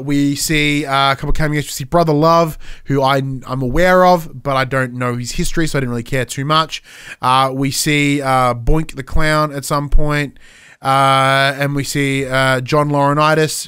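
A man's voice: mid-range voice, pushed and bright, clean tone. A man hosting a podcast, reviewing in a casual monologue with lots of fillers and playful acted-out quotes. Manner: chatty, lots of fillers, acts out quotes with a raised voice. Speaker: podcast host.

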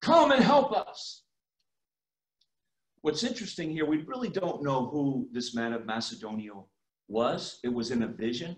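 A man preaching a sermon as pastor, emphatic, swinging between loud and quiet passages. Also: mid-range voice, lively intonation, moderate pace. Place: church. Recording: echoey room.

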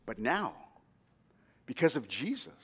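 A man's voice: medium pitch, big pitch swings, a little slow, breathy edge. A man in his fifties preaching a sermon as pastor, telling a personal story and asking the congregation to say amen. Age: 50s. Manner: storytelling, drops to a hush then rises to emphatic calls; asks the congregation for responses.

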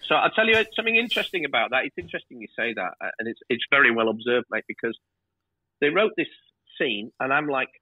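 A man, a TV director, telling lively stories in a casual interview and swearing freely. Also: mid-range voice, quick pace, husky, no room sound. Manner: animated storyteller, swears freely. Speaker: TV director, guest. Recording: tinny phone-like line.

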